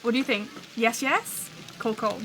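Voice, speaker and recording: A woman's voice: a little high, normal speed, background noise. A woman hosting a livestream, chatting and thinking aloud as she builds a soundscape. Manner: chatty, musing, talks to live chat. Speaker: show host building a soundscape live.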